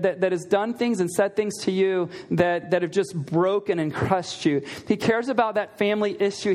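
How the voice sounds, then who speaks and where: A man preaching a sermon in a conversational way, asking the listeners rhetorical questions and repeating key lines for emphasis. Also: high voice. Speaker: pastor.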